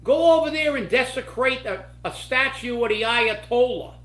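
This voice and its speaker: A man's voice: very high-pitched, expressive, normal speed, a bit bright, roomy sound, low-quality recording. A man hosting a political commentary show, ranting with angry indignation.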